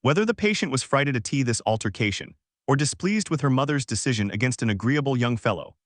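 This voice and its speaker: A man narrates a classic novel for an audiobook in a steady, formal manner. His voice sits at an ordinary pitch. The recording is dry and close, with no room around it. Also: brisk, no room sound.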